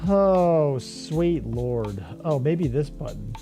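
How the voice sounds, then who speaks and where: A man with a slightly high voice that rises and falls widely as he jokes and swears through a casual livestream. Faint background music plays behind him. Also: lively intonation, drawn-out words. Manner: jokey, profane, does mocking voices. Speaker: streamer host.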